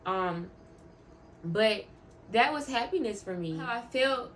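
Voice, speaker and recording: A woman vlogger talks in a loose, rambling way and often repeats herself for emphasis. She is openly emotional and heartfelt. Her pitch sits in an ordinary middle range, with a faint hiss of noise behind her. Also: animated, slow, fairly bright tone. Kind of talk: casual faith vlog talk.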